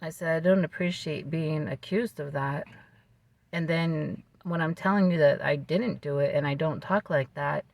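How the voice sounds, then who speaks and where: A vlogger telling a personal story to camera in a calm, measured way, with fillers and restarts. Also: mid-range voice, creaky, dry recording.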